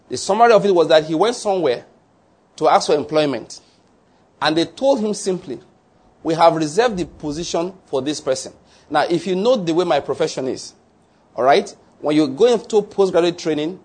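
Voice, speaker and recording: A man preaching a sermon, reading Bible verses aloud and then explaining them slowly, checking in with listeners. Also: a little high, husky. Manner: reads scripture then explains slowly, with restarts and "all right?".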